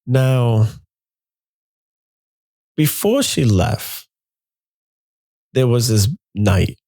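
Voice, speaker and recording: A young man telling a personal story in a casual, animated way, jumping into his friends' voices when he quotes them. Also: mid-range voice, drawn-out words.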